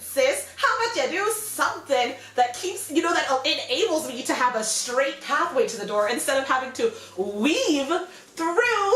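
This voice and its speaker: Animated, rambling young woman vlogger. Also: high voice. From United States. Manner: animated, rambling, heavy use of "like". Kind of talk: casual storytime vlog. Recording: roomy echo with faint music.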